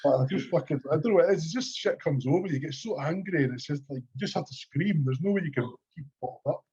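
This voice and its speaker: A Scottish man co-hosting a podcast, talking about bodybuilding in animated, sweary casual chat. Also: a little high, fast talker, slightly rough, muffled recording. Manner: animated, sweary gym talk. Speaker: podcast co-host.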